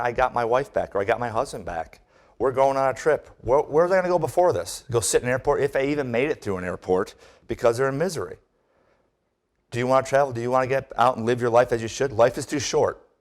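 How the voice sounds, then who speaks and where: Low-voiced man giving a persuasive webinar. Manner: urgent, rhetorical, questions the listener directly. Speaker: doctor presenting a webinar.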